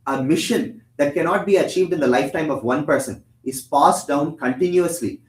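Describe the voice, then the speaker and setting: A young man giving a religious discourse at a temple, explaining verses, asking and answering his own questions, and chanting Tamil lines quickly. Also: on the high side. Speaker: temple lecturer. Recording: echoey room.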